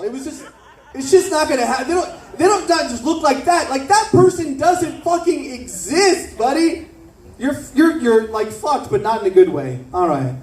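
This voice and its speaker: A man from South Florida doing a stand-up comedy set, riffing brashly and profanely with quick asides to the crowd. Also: extremely high pitch, darkish tone, reverberant, far from the mic, slight background noise, poor audio. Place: comedy club stage.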